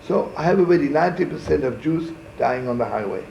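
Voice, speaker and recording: Gravelly rabbi guy rambling thru a story, lots of "right?", echoey old muffled tape. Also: on the high side, expressive, quick pace, darkish tone, slight background noise. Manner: folksy, digressive, with frequent "right?" asides; sprinkles Yiddish words. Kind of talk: informal storytelling talk. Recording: echoey, muffled archival room recording.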